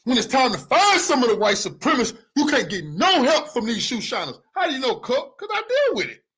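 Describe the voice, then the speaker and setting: Angry, lively-voiced male commentator ranting. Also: extremely high pitch, fairly quick, slightly rough. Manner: angry, profane, preachy. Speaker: online news commentator. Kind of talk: heated commentary rant.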